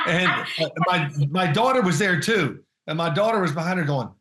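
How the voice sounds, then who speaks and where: An older man telling animated stories as an interview guest, slipping into quick impressions of others and laughing between lines. His voice sits a little high for a man, and the room adds a noticeable echo. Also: slight background noise. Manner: animated storyteller, mimics others, laughs often. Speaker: guest, former NFL quarterback and analyst. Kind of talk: casual remote interview.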